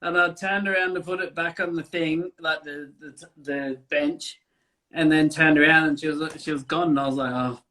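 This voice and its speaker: Male tattoo artist, higher-pitched, rambling casual storyteller. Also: little pitch movement, moderate pace, sharp tone. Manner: rambling, swearing, many fillers. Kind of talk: casual chat.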